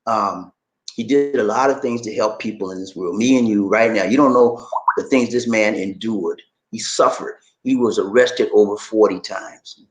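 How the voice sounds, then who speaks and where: A man hosting a casual livestream and reading viewer comments, animated and prone to repeating phrases. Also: lowish voice, normal speed. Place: home in the Philippines. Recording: echoey room.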